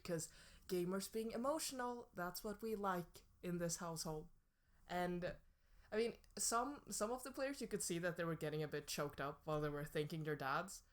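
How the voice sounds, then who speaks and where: A young woman in casual podcast chat who keeps the banter playful. Her voice sits a little low for a woman. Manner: playful, joking. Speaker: podcast co-host.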